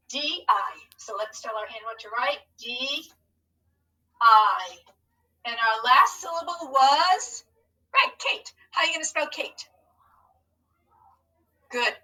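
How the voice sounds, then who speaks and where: Teacher lady going slow through syllables, high clear voice, kinda distant mic. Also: sharp tone. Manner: slow, encouraging, modelling each syllable. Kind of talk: phonics lesson video.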